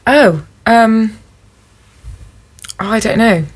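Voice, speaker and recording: A woman's voice: a little high, extremely slow, slightly rough. A woman guest on a podcast, answering quiz questions in casual chat, wry and a little hesitant.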